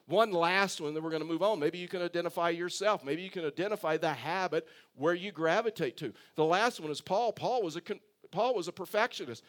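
A man preaching a sermon to a congregation, animated, now and then slipping into a whiny voice to quote complainers. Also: high-pitched, fairly quick. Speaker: pastor.

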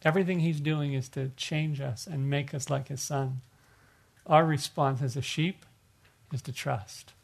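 A man's voice: on the high side, fairly even intonation, a little slow, gravelly. A middle-aged male pastor preaching a sermon in an earnest, conversational way, often restarting his phrases.

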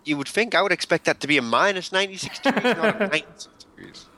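Bright-toned male co-host, jokey and playful, slightly higher voice. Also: very animated, fast. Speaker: podcast co-host. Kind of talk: casual roundtable banter.

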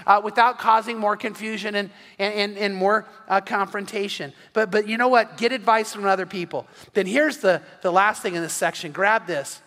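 A man's voice: sits high, bright, forceful tone, long reverb tail. A middle-aged man preaching an evening sermon as pastor, earnest and often repeating words as he starts a phrase.

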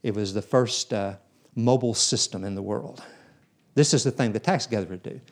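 A man's voice: fairly low pitch, a little fast. A man preaching a sermon in a church, telling Bible stories in a folksy way and acting out the characters. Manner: folksy storytelling, acts out biblical characters.

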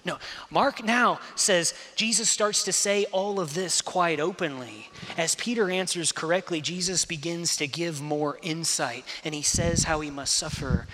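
A male pastor preaching an impassioned sermon, swinging between hushed and loud, in a church sanctuary. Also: a little high, measured pace. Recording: reverberant hall.

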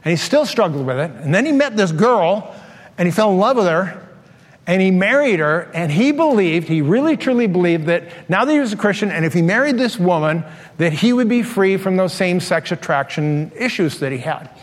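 A man's voice: high voice, expressive, a little fast. A man preaching a sermon to a congregation, speaking in a conversational way and putting questions to them directly. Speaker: pastor. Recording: reverberant hall.

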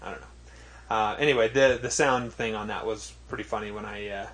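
A man's voice: fairly low pitch, steady tone, brisk, a bit bright. A man hosting a podcast in casual chat, hesitant and full of ums and restarts. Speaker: podcast host.

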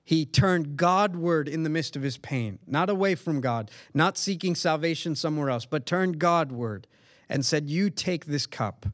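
A man preaching a sermon in an earnest, emphatic way, with dramatic pauses. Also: on the high side, dry recording, studio quality. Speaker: pastor.

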